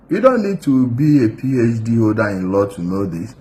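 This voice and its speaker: A man giving scornful political commentary, pausing often with fillers. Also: medium pitch, big pitch swings, darkish tone.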